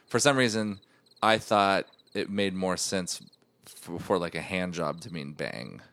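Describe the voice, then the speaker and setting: Deep-voiced rambling podcast man. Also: measured pace, fairly bright tone. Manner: rambling, meandering, self-interrupting. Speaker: podcast co-host. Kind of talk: casual comedy chat.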